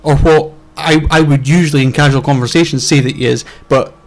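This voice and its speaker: A young Scottish man chats on a casual podcast, his voice sitting somewhat high. He circles around his point, restarting sentences as he goes. The delivery is loose and conversational. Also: steady tone, brisk. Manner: rambling storyteller, many restarts. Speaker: podcast co-host. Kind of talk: casual chat.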